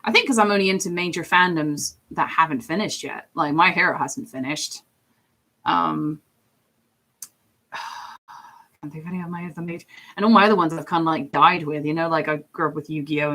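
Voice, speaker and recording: An English woman in her thirties with a deep voice, chatting casually and ramblingly on a livestream about voice acting. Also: a bit bright. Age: 30s. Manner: rambling and chatty, with frequent fillers and laughs. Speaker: streamer and voice actor.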